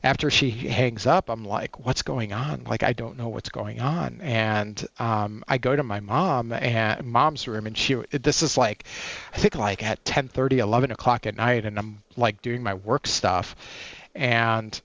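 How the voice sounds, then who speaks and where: A man's voice: mid-range voice, unhurried, a bit bright, dry recording. A man in his forties, a podcast guest telling a personal story in a rambling way, full of fillers and restarts. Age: 40s.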